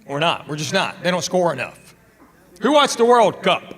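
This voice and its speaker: Loud crowd laughter and noise fill this live stage recording of a middle-aged Southern American comic, who drawls through conversational stand-up stories and trades banter with the audience. He speaks at normal speed in a high-pitched, very animated voice.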